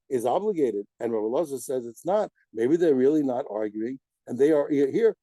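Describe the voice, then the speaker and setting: A man teaching a daf yomi Talmud class, animated, asking rhetorical questions and mixing Aramaic terms into his English explanation. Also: medium pitch, no echo, poor audio.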